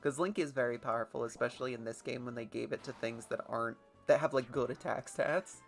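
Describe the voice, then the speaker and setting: A woman with a notably low speaking voice rambles through live gameplay commentary, loose and self-deprecating, with casual swearing. Soft music sits faintly underneath her. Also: a little fast. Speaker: let's play streamer.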